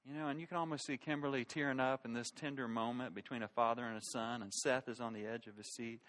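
A middle-aged male pastor preaching a sermon, telling stories with animated delivery and quoting people in character. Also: fairly high pitch, fast. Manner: animated storytelling, quotes people in character, laughs at his own stories.

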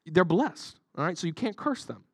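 A man's voice: high-pitched, sing-song, normal speed, husky, dry recording, clean studio sound, heavily acted. A man voicing an exasperated God who gives warnings in casual slang. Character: exasperated deity speaking casually.

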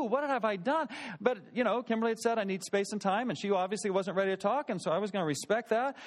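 Man, higher voice, pastor, sermon, conversational storytelling, questions to listeners.

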